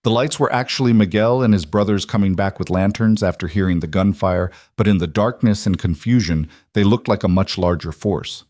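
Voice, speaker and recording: Man, scripted story narration, low voice, dry sound, even and steady. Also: a little fast, hardly any pauses, dry recording.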